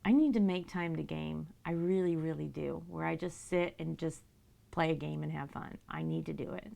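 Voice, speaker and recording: A woman's voice: steady tone, moderate pace, gravelly, warm tone. A woman livestreaming who chats casually with viewers, laughs often, reads their messages aloud and talks to her cats in a sing-song voice. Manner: goes high and sing-song when talking to her cats. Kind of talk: casual live-stream chat.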